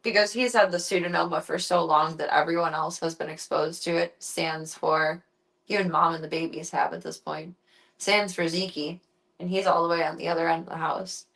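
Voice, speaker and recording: A woman's voice: fairly low pitch, steady tone, normal speed, gravelly, a bit bright. A young woman streaming from home on a handheld phone, chatting casually and slipping into baby talk with her pet cat. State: tearful, close to crying. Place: at home indoors. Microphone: handheld phone camera.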